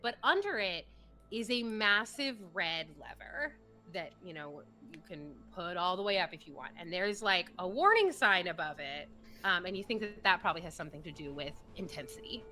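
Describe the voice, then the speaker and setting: A woman narrating a tabletop game as game master, animated and rambling, laughing often. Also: on the low side, moderate pace, soft background music.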